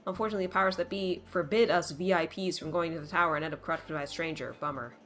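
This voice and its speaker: A woman voicing a boastful raider master in a video game, breezy and brisk. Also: lowish voice, a bit bright, soft background music, natural voice. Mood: brash.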